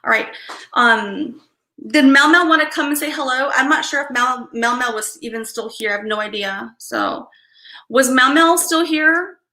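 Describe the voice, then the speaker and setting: Chatty woman on a live stream, bright tense voice, apologizes a lot, laughs easily, roomy echo. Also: sits high, normal speed. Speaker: livestream host doing card readings. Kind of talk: casual live-stream chat. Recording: echoey room.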